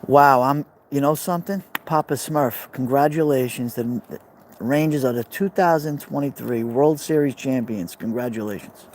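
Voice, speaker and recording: A man's voice: medium pitch, moderate pace, a little mellow, a little hiss or hum. A man with a Brooklyn accent, live streaming outdoors by a fire pit, rambling casually and answering viewer comments. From New York.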